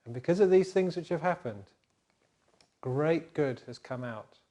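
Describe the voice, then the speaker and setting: A man voicing Joseph, a grown man in power, speaking calmly, gently and solemnly in a children's Bible story. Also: mid-range voice, slow pace, highs cut off. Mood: gentle.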